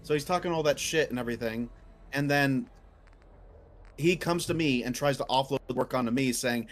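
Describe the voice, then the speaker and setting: A man's voice: mid-range voice, a little fast. A man ranting in casual chat about a coworker, heated and swearing, acting out quoted lines in a raised voice. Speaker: podcast co-host. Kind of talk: casual chat, venting story.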